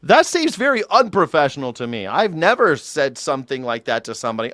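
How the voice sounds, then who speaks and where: A man's voice: on the high side, sing-song, fairly quick, few pauses, a bit bright, dry recording, clean studio sound. A man hosting a live news reaction show, sarcastic and mocking, with frequent profanity.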